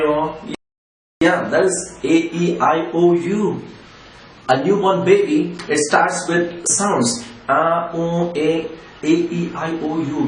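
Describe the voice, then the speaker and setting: A man with an Indian English accent teaching an English grammar lesson, patiently repeating and spelling out examples. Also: fairly high pitch. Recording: echoey room, distant from the mic, faint ambient noise.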